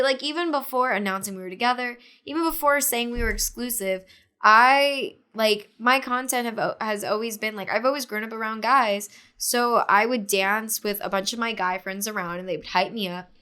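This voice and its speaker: A young woman appears as a podcast guest, casually telling a story full of fillers and acting out other people's lines. Her voice is smooth, on the high side, and a little fast, and the retelling is animated.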